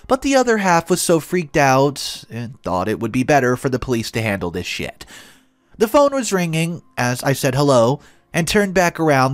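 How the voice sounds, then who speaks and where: A man narrating an online story in a dramatic, scripted reading. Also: medium pitch.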